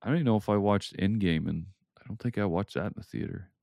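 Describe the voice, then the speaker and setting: A man's voice: on the low side, quick pace, creaky, mellow, no room sound. A man co-hosting a podcast in casual chat, hesitant and trailing off, laughing often. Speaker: podcast co-host.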